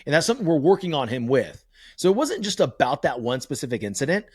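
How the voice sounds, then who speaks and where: A man hosting a podcast, talking candidly and telling family stories in an animated way, swearing freely. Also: fairly high pitch, fast talker, slightly rough, dry recording, studio quality. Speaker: podcast host. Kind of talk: casual podcast conversation.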